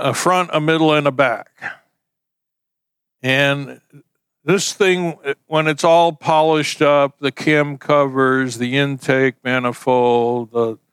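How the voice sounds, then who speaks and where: A man's voice: medium pitch, a bit bright, smooth, no echo. A man preaching a sermon in a conversational, folksy way, using homespun illustrations. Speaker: pastor.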